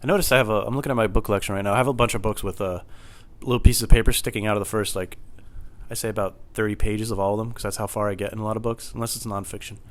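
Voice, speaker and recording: A young man telling a comedic story in a rambling, anxious way, swearing often and building up to shouts. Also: fairly low pitch, fairly even intonation, rapid-fire.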